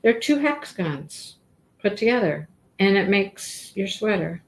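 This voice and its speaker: A woman's voice: big pitch swings, measured pace. A woman hosting a crochet livestream, chatting casually and rambling as she works her stitches. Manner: chatty, rambling, talks to her cat in a high baby voice.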